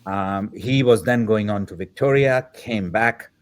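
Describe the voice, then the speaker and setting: A man's voice: lowish voice, measured pace. A man in his fifties, a filmmaker guest, telling a personal story and acting out the dialogue as he goes, with the odd filler word. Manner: acts out quoted dialogue in the telling; reflective, with filler words. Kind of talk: anecdotal storytelling.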